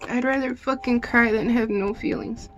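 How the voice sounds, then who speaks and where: A woman talks through a tarot reading in a loose, unscripted way. Her voice sits a little high and has a gravelly fry, and she swears freely while sounding openly emotional. Soft music plays in the background. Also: steady tone, normal speed, highs cut off. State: teary at times. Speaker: tarot reader. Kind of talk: casual tarot reading monologue.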